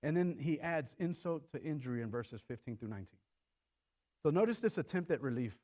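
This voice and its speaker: A middle-aged man preaching a sermon in church, animated and acting out quoted lines in shifting voices. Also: fairly high pitch, brisk. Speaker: pastor.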